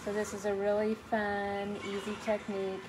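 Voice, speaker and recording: A middle-aged woman teaching a live online painting class in a gentle, chatty way, greeting viewers by name as she works. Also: medium pitch, completely flat delivery, moderate pace, noisy background. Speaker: painting instructor.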